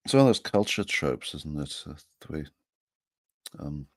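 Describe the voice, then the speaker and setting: Very deep, gravelly man, halting. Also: big pitch swings, no echo. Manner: halting, hesitant, many fillers. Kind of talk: casual live-stream chat.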